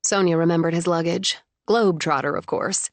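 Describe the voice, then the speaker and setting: A woman reading a novel aloud as an audiobook narrator, lifting her pitch to voice the characters. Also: a little fast, vocal fry, no room sound.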